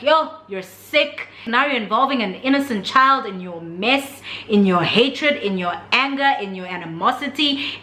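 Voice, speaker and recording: A young woman with a South African accent telling a storytime vlog in an animated, dramatic way. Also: fairly high pitch. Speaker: vlogger. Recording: roomy with faint noise.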